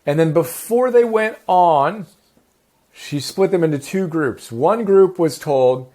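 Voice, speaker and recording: A man with a fairly high voice teaches a self-improvement class in a loose, casual way. He talks with lots of energy and enthusiasm and often corrects himself mid-sentence. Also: takes it slowly, mellow. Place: home in the countryside.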